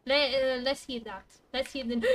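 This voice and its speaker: A woman's voice: high voice, slight background noise. A woman, a native Italian speaker, streaming a video game in casual chat, swearing and laughing as she plays.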